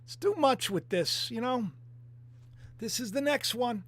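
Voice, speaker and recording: High-voiced man rambling to viewers. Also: unhurried. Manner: rambling, animated, talks to viewers with frequent fillers. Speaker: online video host. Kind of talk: casual religious commentary.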